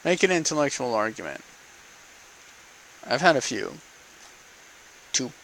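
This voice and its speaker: A man delivers an unscripted opinion rant to his camera, pressing his points with repeated rhetorical questions. His voice is bright and forceful at a middling pitch. A faint hiss sits under the recording. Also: very animated, measured pace, low-quality recording. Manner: argumentative, repeats rhetorical "okay?" and "right?". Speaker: vlogger speaking to camera. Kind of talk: casual political monologue.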